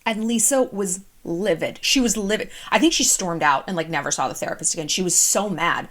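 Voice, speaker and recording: A woman's voice: fairly low pitch, expressive, quick pace, few pauses, fairly bright tone. A woman in her thirties giving casual advice straight to camera, candid and chatty, swearing freely. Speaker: vlogger.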